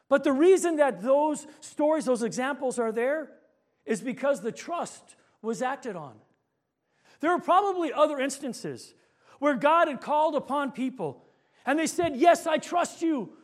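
A man pastor preaching a sermon, telling stories and slowing down on key points. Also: very high voice. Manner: storytelling preacher, slows for emphasis, rising to shouts in anecdotes.

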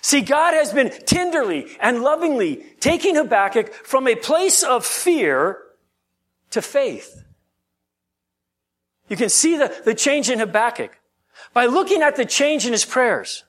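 A male pastor with a very high voice that rises and falls a great deal as he preaches. He reads scripture in a measured way, then shifts into loose, conversational teaching with frequent restarts. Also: big pitch swings, a bit bright. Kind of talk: sermon.

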